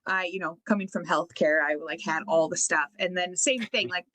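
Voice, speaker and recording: A woman co-hosting a casual chat, quick to react with laughing asides. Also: on the low side, fairly bright tone, no echo, poor audio. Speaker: podcast co-host.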